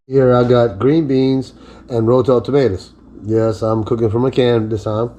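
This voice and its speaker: A man's voice: mid-range voice, steady tone, normal speed, mellow, lo-fi sound. A man giving a casual cooking demonstration in his home kitchen, chatty and easygoing, and talking to his dog between steps. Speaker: cooking vlogger.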